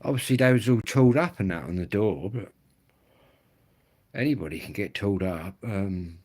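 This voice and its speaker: A man's voice: fairly low pitch, animated, normal speed, darkish tone. A middle-aged man with a Kent accent, chatting casually and rambling with viewers on a livestream, swearing and dropping blokey slang. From England. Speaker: livestream host.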